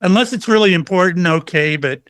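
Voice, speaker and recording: Middle-aged guy on a podcast telling stories, kinda high voice, dry close sound. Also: a little fast, no echo. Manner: animated storyteller, acts out quotes. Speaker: psychic medium guest. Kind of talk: casual interview storytelling.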